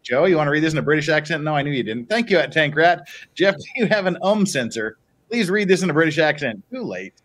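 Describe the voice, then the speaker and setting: A man's voice: a little high, expressive, fast talker, fairly bright tone. A man hosting a casual live stream, reading viewer messages aloud and teasing his co-hosts with frequent chuckles. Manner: jokey, teasing, chuckles often.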